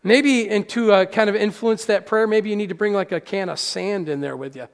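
Man, pastor, sermon, high pitch, gravelly, hushed-to-loud swings, reverberant hall. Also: fairly quick. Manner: preaching with swings from hushed to loud, calls to the congregation. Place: church hall. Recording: echoey hall.

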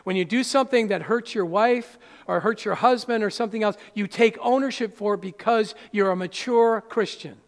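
A man preaching a sermon as pastor in a church, animated and acting out little scenes. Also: high-pitched, normal speed, few pauses. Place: church sanctuary. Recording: church hall reverb.

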